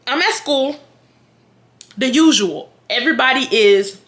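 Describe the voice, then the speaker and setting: A young woman on her vlog recounts a story in a blunt, animated way, swearing freely and turning to her viewers to talk to them. Her voice sits a little high and has a bright, forceful edge. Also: unhurried. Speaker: vlogger.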